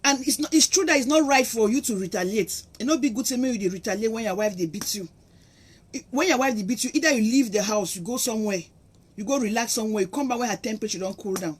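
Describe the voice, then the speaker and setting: A middle-aged woman vlogger delivers an impassioned, preachy monologue to camera in Nigerian Pidgin English, acting out quotes for her viewers. Her voice is a little high and she talks fast, with slight background noise.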